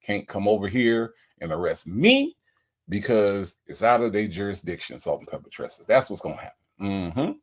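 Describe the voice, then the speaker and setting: A man's voice: lowish voice, husky. A man hosting a livestream, casually greeting viewers and reading their comments with playful energy. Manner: animated, lively, playful with repeated greetings. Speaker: livestream host.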